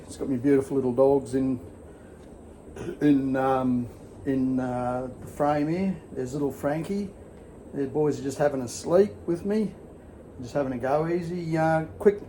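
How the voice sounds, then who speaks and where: A man's voice: fairly high pitch, measured pace, mellow, slight background noise, rough recording. An older Australian man telling a rambling story to camera at home, with many fillers and restarts. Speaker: vlogger. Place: at home sitting with his dogs.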